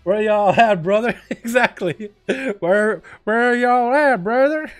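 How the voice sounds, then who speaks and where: A man's voice: high voice, slow pace, soft background music. A man voicing a hearty guy with a put-on American Southern drawl, hollering his lines. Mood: hollering, jokey. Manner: hollered, laughing between lines.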